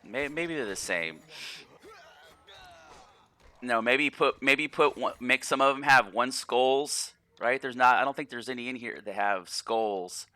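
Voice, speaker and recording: Man, gameplay commentary, rambling, profane, restarts words, very bright tone, dry close sound. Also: medium pitch, measured pace, no echo. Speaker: gaming channel host.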